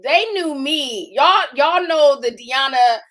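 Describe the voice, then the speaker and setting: A woman in her forties hosting a faith conversation, emotional and testifying with emphatic warmth. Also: high voice, takes it slowly. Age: 40s. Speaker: podcast host.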